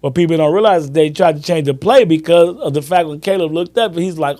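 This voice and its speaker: A man hosting a sports podcast, telling animated stories in casual chat and acting out his friends' lines. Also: on the high side, a little fast, hardly any pauses. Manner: animated storyteller, acts out friends' lines, laughs often. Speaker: podcast host.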